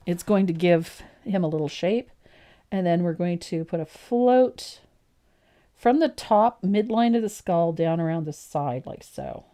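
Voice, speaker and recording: Here the same kind of host, a woman who teaches painting, talks eagerly with viewers and then narrates how she uses the brush. Her voice is fairly low with a slightly mellow quality.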